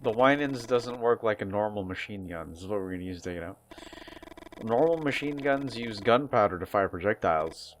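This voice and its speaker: A man voicing a fussy male collector of old weapons who lectures in a measured way. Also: on the low side, lively intonation, a little hiss or hum, natural voice. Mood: lecturing.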